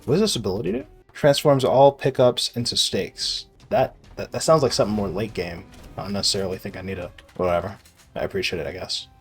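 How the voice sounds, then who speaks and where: A young man casually rambling and swearing as he plays a video game, sarcastic and quick to laugh at himself. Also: on the low side, slightly rough, soft background music. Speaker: gaming video creator. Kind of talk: casual rambling commentary while playing.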